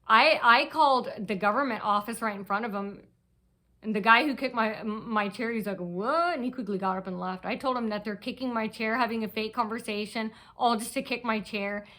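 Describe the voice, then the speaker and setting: A woman's voice: fairly high pitch, a little fast, bright, forceful tone. A woman vlogger telling a long, aggrieved story in a restless, rambling way, often restarting her sentences. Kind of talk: rambling personal monologue.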